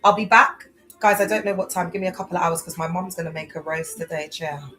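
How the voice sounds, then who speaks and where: A woman's voice: on the low side, steady tone, fast, poor audio. A woman in her thirties, unwell, chatting loosely on a live stream about faith, with many fillers. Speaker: livestream host.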